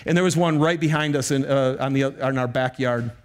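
A man's voice: medium pitch, fairly quick. A middle-aged male pastor preaching a sermon, telling stories with animation and often turning to speak to the congregation.

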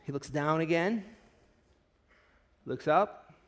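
A man's voice: on the high side, takes it slowly. A man pastor preaching a sermon, telling stories and acting out the voices in them. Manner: animated storytelling, acts out quoted voices.

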